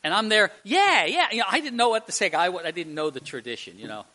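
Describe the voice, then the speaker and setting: A man's voice: high voice, very animated, fast, bright, forceful tone. A man preaching a sermon, conversational, with frequent restarts and repeated words. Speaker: pastor.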